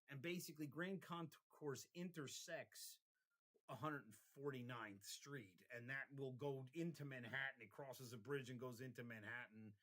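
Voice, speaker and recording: A young man talking casually in a rambling vlog monologue, drifting between tangents and getting loud when worked up. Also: medium pitch, rough recording. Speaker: vlogger.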